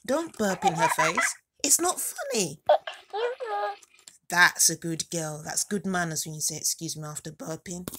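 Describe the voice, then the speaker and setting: A woman hosting a doll unboxing vlog at home, talking to her dolls in a gentle, motherly baby-talk voice. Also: fairly low pitch, big pitch swings, unhurried, noisy background. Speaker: doll collector and channel host.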